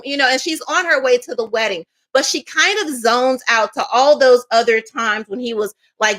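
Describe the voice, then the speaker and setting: A woman's voice: fairly high pitch, bright, forceful tone. A woman giving a casual tarot reading, talking in a loose, chatty storytelling way with many fillers and asides. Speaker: tarot reader.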